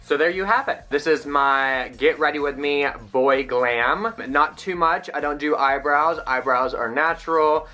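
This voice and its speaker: A young man talks through his makeup routine in a casual, self-mocking way. His voice sounds bright and forward. Soft music plays quietly behind him. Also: a little high, a little slow, few pauses. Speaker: vlogger. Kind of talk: makeup tutorial chat.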